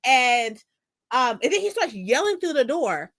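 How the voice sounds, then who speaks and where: A young woman in her twenties telling a story in a casual vlog, animated and profane, laughing often. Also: high-pitched, unhurried. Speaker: vlogger.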